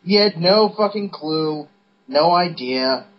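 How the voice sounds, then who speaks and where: A man's voice: on the high side, expressive, takes it slowly. A man co-hosting a casual podcast, crude and profane. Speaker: podcast co-host. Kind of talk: casual chat. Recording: dull lo-fi sound.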